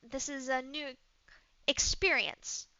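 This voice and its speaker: A woman's voice: high-pitched, fairly even intonation, sharp tone, dry recording, full character voice. A woman voicing a polite male robot guide who speaks formally and hides his purpose. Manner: formal, measured speech. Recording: dull lo-fi mic.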